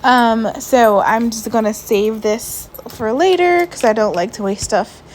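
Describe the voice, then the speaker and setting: A woman's voice: a little high, unhurried, slight background noise, rough recording. Sighing, emotional woman with a raised voice. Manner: soft, sighing, frequent "like" fillers. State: emotional, stressed. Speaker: vlogger. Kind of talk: casual vlog voiceover. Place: at home, lying down. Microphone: voiceover mic.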